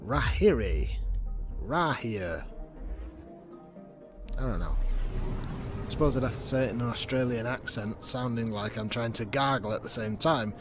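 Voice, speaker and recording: A man's voice: mid-range voice, brisk, over music. A man casually commenting on a space game as he plays, chatty and sarcastic, often reading the on-screen text aloud. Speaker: gameplay video host.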